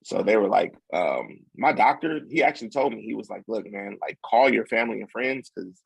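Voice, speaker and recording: A man in his forties telling a personal story in casual chat, acting out what others said with lively slang. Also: fairly low pitch, brisk, gravelly, husky, dry recording. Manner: animated, acts out quotes with slang. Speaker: podcast guest.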